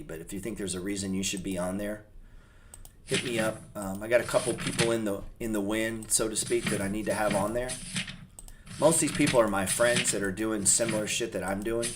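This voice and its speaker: Casual male host with a lowish voice, rambling off the cuff, swearing and joking with viewers. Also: slight background noise. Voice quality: rambling, profane, loose and joking. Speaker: trading channel host. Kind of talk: casual unscripted livestream chat.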